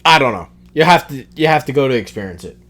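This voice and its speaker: A man's voice: medium pitch, expressive, quick pace, fairly bright tone. A man hosting a solo podcast, ranting bluntly and with profanity in an exasperated, offhand way. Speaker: podcast host.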